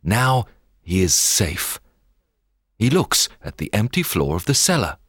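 Deep-voiced man reading a storybook. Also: husky. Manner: expressive, measured read-aloud delivery. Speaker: narrator. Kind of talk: scripted storybook narration.

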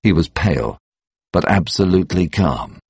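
A man narrating an audiobook in a measured, steady way. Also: sits low, vocal fry, slightly rough, no room sound.

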